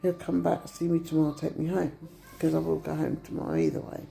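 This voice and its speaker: A woman's voice: low voice, quick pace, vocal fry, mellow. A tired middle-aged woman venting in a casual vlog from a hospital room, upset and retelling what was said to her. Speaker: vlogger.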